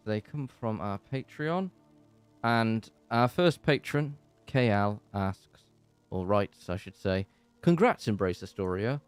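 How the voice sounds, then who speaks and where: A channel host with an English accent runs a casual live-stream Q&A from his bedroom, his voice fairly low, smooth and slow with lively intonation, faint music in the background. He rambles and chats, full of fillers and restarts, and he's hot and sweaty.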